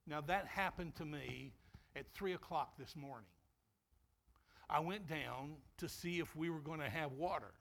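A man, a pastor, preaching a sermon and shifting into a quiet storytelling tone for a personal anecdote. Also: on the high side, unhurried, vocal fry.

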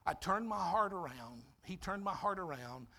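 A frail old sailor, close to tears, confesses his past in an earnest, gravelly voice, as a preacher puts him on. The voice is husky and pitched a bit high for a man. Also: animated, normal speed, pushed and bright, exaggerated voice. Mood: tearful, earnest. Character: frail elderly man, tearful former sailor.

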